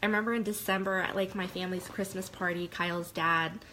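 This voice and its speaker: A woman's voice: fairly low pitch, fairly even intonation, fast talker, sharp tone, slight background noise, rough recording. A young adult woman speaking candidly in a personal testimonial monologue about her sales work, heartfelt and rambling with many fillers. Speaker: direct-sales consultant.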